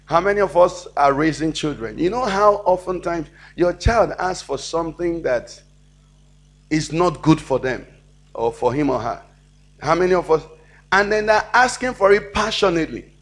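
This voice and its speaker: A man, preaching a sermon as pastor, asking the congregation questions and acting out dialogue. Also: on the high side.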